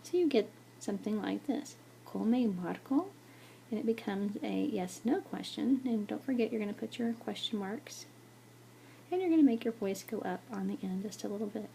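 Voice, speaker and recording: A woman walks her students through a lesson at the board, patient and steady, repeating each example and checking in often. Her voice sits mid-height with a gravelly fry and a mellow, darker tone. A faint hiss runs under the recording. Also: medium pitch, moderate pace. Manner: patient, repeats "okay" and examples, many fillers. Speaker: Spanish teacher.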